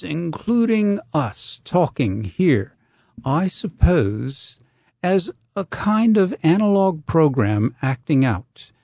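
A man's voice: on the high side, gravelly, mellow, dry recording, clean studio sound, exaggerated voice. A man voicing a genial elderly male professor who explains things patiently in a storybook reading.

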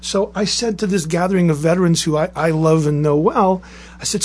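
A man telling a lively anecdote with restarts, then reading a story aloud as a guest author. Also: high voice, quick pace, breathy edge.

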